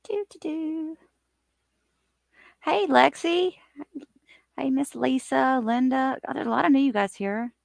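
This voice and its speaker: A woman hosting a casual live stream, chatting and greeting her viewers by name in an animated way. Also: normal speed, gravelly, no echo, clean studio sound. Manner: animated, lively swings in pitch and loudness.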